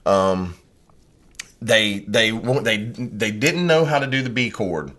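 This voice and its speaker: Bright-voiced, profane podcast host. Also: male voice, on the low side, slow pace. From Georgia, US. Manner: profane, storytelling, animated. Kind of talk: casual podcast chat.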